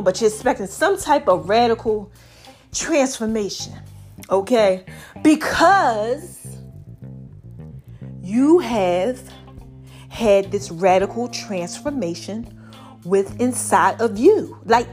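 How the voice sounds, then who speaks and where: A woman hosting a casual inspirational podcast, chatty and preachy, talking to her listeners and a bit out of breath. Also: on the high side. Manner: chatty, preachy, animated with lots of y'all and child. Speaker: podcast host.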